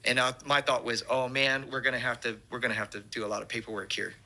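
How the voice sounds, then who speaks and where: Man, pastor, animated testimony, very bright tone. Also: mid-range voice, fast talker. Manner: animated storyteller, acts out quotes. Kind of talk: storytelling testimony.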